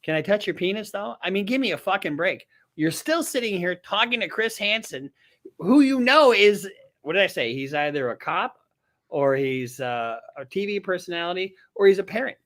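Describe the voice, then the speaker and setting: A blunt lawyer man comments on a case, exasperated and swearing freely. His voice sits slightly high. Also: animated, normal speed, a bit bright. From Minnesota. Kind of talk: profane legal commentary.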